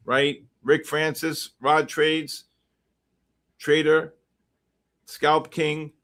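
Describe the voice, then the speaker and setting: A man hosting a live trading stream, calling price levels and teasing viewers in chat with excitable, repetitive banter. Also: on the high side, takes it slowly, long pauses. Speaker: livestream trading host.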